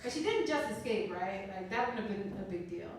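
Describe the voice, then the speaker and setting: A woman's voice: medium pitch, expressive, fairly quick, slight background noise. A woman of thirty performing a stand-up comedy set on a club stage, playful and laughing at her own jokes. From Canada. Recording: roomy club sound from a distance.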